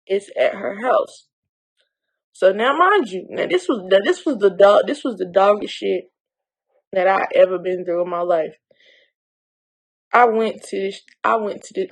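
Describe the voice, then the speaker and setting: A young woman tells a personal story to her viewers in a vlog. Her voice carries a gravelly, fry-edged texture at an ordinary middle pitch. She speaks bluntly and emotionally, as if close to tears. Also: rough recording. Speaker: vlogger.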